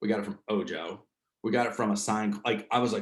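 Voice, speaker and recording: A man's voice: fairly low pitch, sing-song, fast talker, roomy sound. A man with a New Jersey accent, leading a real estate training session in a casual, slangy way, full of fillers. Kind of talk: casual coaching talk.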